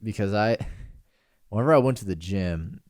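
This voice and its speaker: A man's voice: lowish voice, expressive, normal speed, darkish tone, no echo, studio quality. A man in his twenties co-hosting a podcast, telling rambling, self-deprecating stories in casual chat with a giggly manner. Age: 20s. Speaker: podcast co-host.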